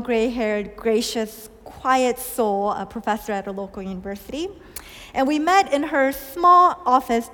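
A woman preacher giving a sermon, telling stories and asking questions, with soft hushed lines for quoted words. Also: a little high. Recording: long hall reverb.

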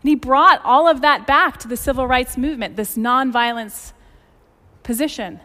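A woman in her forties preaching a sermon, telling stories with lively emphasis. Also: sits high, normal speed. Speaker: pastor. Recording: long hall reverb.

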